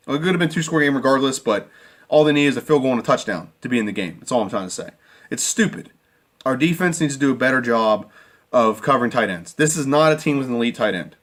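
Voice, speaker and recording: A man's voice: medium pitch, fairly bright tone. A man reviewing a football game in an emotional, exasperated rant, often repeating himself. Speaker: sports fan commentator.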